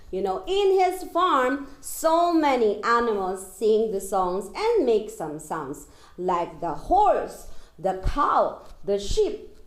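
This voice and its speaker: A woman with a Taiwanese accent teaching young children, speaking in a slow, exaggerated, drawn-out way, making animal sounds and singing. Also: sits high, roomy sound. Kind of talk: slow sing-song lesson for young children.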